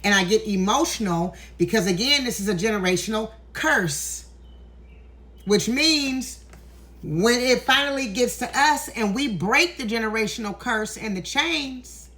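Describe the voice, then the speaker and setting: A woman's voice: fairly high pitch, expressive, a little slow, fairly bright tone. A woman in an emotional vlog monologue, emphatic and preachy, near tears, swearing freely as she speaks into her phone indoors. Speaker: tarot content creator. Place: indoors, walking in a hallway.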